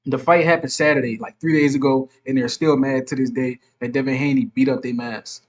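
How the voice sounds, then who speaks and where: A man's voice: mid-range voice, steady tone, brisk. Casual man breaking down boxing. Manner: conversational, keeps checking in with "right?". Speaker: boxing commentary channel host. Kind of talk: casual solo boxing commentary.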